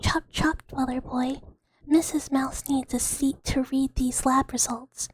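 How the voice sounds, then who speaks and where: A woman's voice: high-pitched, fairly even intonation, measured pace, husky, voice pushed up. A woman voicing a melodramatic, bossy mother mouse in a theatrical whispered role-play. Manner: theatrical, pleading then commanding.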